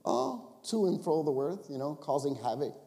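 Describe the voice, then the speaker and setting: Sly male devil, as a preacher puts him on, offhand and mock-casual, higher than usual, long hall reverb. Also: sing-song, moderate pace, creaky, warm tone.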